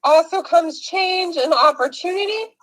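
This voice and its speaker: A woman's voice: extremely high pitch, measured pace, a bit bright, low-quality recording. A young woman chatting casually during a tarot reading game, hesitant and giggly with nervous rambling. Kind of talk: casual chat.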